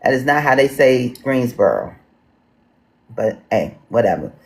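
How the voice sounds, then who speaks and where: Woman host with a D.C. accent, casual livestream chat, deep voice, slow, homey. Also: very animated. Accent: Washington D.C. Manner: chatty, folksy, addresses viewers as y'all. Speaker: livestream town hall moderator. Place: home in Washington D.C.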